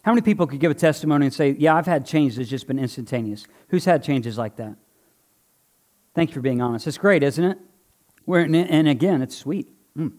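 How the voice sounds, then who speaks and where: Earnest, slightly high-voiced male pastor. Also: lively intonation, a little fast, a little mellow. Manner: conversational, earnest, joking with congregation. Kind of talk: sermon with live object lesson. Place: church before a congregation.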